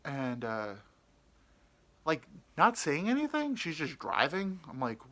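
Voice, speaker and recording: Bright-voiced young man telling a crude story. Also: medium pitch, animated, normal speed, a little hiss or hum. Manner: rambling, crude, full of "like" fillers, acts out quotes. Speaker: podcast storyteller. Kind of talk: casual comedic storytelling.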